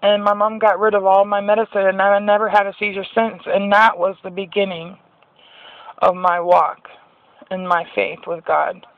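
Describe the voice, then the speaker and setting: A woman's voice: medium pitch, level tone, moderate pace, dry recording, phone-quality sound. A woman sharing a personal faith testimony in an earnest, rambling way, often restarting her sentences.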